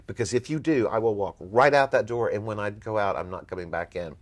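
A man's voice: lowish voice, fairly quick. A man, a former talent agent, telling blunt, emphatic stories as an interview guest. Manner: emphatic, blunt, animated storyteller.

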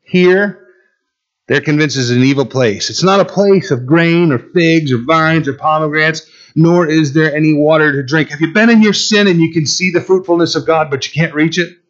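A man's voice: fairly high pitch, normal speed. Emphatic male pastor, lo-fi sound. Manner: emphatic, asks the listeners questions and repeats phrases. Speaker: pastor teaching a Bible class. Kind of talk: sermon.

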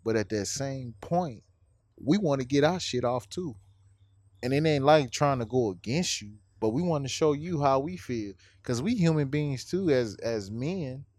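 A man's voice: medium pitch, measured pace, no echo. Easygoing man asking probing questions. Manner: relaxed, asks probing questions, says "bro" often. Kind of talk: casual conversation.

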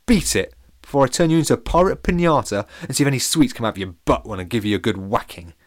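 A man voicing a brash, mocking banana henchman who shouts his threats. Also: medium pitch, lively intonation, quick pace, no room sound, clean studio sound, pitched above the performer's own voice, close to an everyday voice. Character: bullying male banana henchman, big and brash.

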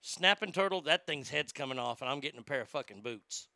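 A man's voice: mid-range voice, lively intonation, a little fast, gravelly, sharp tone, no echo. A man delivering a profane, blustering comedic rant, stammering when worked up.

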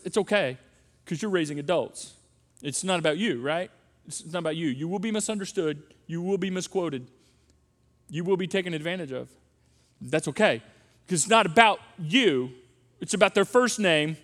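A man's voice: a little high, a bit bright, big-room sound. A middle-aged man preaching a sermon as a pastor, emphatic and repeating key phrases for effect. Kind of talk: sermon on parenting.

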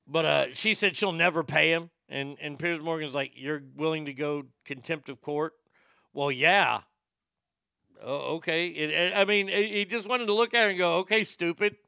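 Gravelly, profane older man ranting. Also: fairly high pitch, steady tone, normal speed, bright, forceful tone, no room sound. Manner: profane, sarcastic, heated. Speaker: commentator. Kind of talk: ranting political commentary.

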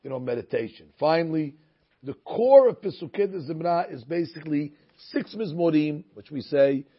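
A man's voice: a little high, lively intonation, moderate pace, slightly rough. A man teaching a recorded Torah lesson, telling stories and using many Hebrew terms. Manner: storytelling, sprinkled with Hebrew terms. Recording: muffled lo-fi recording.

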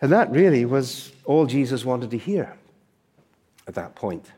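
A man's voice: medium pitch, sing-song, a little slow, warm tone, husky. A male preacher giving a sermon, emphatic and fond of rhetorical questions and asides.

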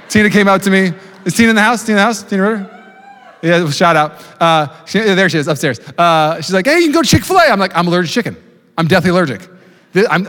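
Pastor in his thirties, male, slightly high voice, fast and playful delivery, long church-hall reverb. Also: a bit bright. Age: 30s. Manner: fast-talking, jokey, self-deprecating asides. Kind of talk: sermon. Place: church auditorium with live congregation.

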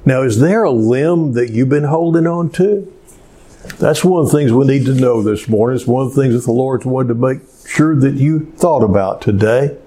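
A man preaching a sermon in an earnest, slow manner, telling a story with dramatic pauses. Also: mid-range voice, warm tone. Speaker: pastor.

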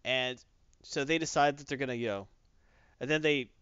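A man's voice: mid-range voice, normal speed, clear, resonant tone, no echo. A man hosting a podcast, recapping a comic book casually with lots of fillers. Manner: animated storyteller, many fillers. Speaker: podcast host. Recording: dull, dry lo-fi recording.

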